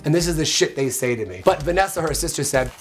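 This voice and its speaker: A man's voice: a little high, animated, fast talker. Crude, rambling campy male host. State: losing his voice. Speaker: podcast host. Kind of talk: casual comedic chat. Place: live venue with music playing.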